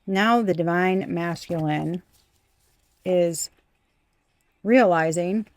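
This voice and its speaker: A woman's voice: fairly low pitch, very slow, no room sound. A woman giving a casual collective tarot reading, blunt and profane, repeating her points for emphasis. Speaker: tarot reader.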